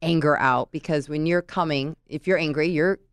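A middle-aged woman chats casually about stories from work, often adding "you know" and checking in with "right?". Her voice sits low, with a clear, resonant tone at a normal speed, and there's no room sound.

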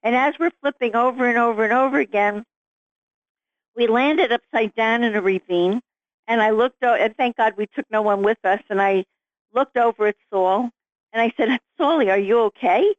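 Middle-aged woman guest, lively storyteller, slightly high voice, dull lo-fi dry recording. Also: normal speed, dry recording. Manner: animated, vivid storyteller. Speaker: author guest. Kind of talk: storytelling interview.

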